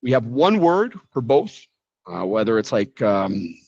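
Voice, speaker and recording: A man's voice: mid-range voice, unhurried, gravelly, no room sound. Chatty male English teacher, dry dull sound. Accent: American. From United States. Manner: relaxed, chatty explaining with frequent asides. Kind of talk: live English lesson. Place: living in Brazil, teaching from a quiet room.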